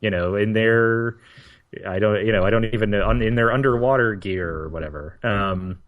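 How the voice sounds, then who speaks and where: A man co-hosting a podcast, chatting in a relaxed, rambling way that often trails off. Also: lowish voice, moderate pace. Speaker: podcast co-host. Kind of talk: casual chat.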